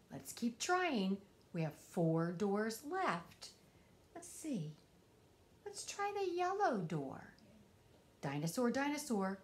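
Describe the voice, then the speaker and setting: A young woman reading a picture book aloud to children in a sing-song, expressive way, sometimes dropping to a whisper. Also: high-pitched. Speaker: storytime host.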